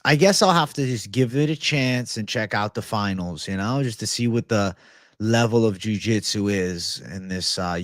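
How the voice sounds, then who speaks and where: A man's voice: on the low side, no room sound, clean studio sound. A man hosting a casual livestream and answering viewer comments in a blunt, laid-back, profane way. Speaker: livestream host.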